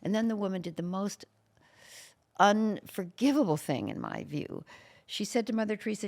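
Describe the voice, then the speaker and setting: A woman, a guest in an interview, telling a personal story in an earnest, emotional way, halting with many fillers and restarts. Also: mid-range voice, expressive, vocal fry, fairly bright tone.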